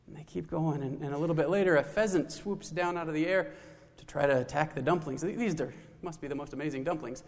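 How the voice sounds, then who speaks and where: Gravelly-voiced man telling a folktale. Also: a little high, fast talker, few pauses. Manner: loose, with restarts and asides. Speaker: storyteller. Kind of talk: casual spoken folktale retelling. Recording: long hall reverb.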